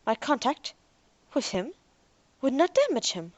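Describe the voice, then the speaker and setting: A woman voicing a literal-minded male robot who answers in slow, measured statements. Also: sits high, huge pitch swings, no echo, highs cut off, voice pushed up, heavily acted. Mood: calm.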